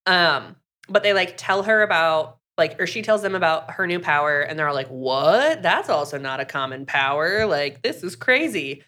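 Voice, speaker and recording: A woman with a low-pitched voice that sounds pushed and bright talks animatedly at normal speed, barely pausing. She co-hosts a podcast, recapping a book in casual chat, acting out characters' lines with lots of "like."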